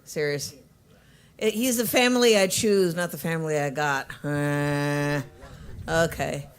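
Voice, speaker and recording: A regular at a coffee shop open mic, chatting casually from the stage with quick self-correcting asides. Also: medium pitch, smooth.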